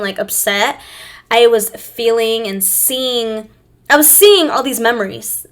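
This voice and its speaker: A young woman hosting her own video, talking to camera in a reflective, emotional way, with pauses and restarts. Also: mid-range voice, fairly bright tone. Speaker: host. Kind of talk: personal talk to camera.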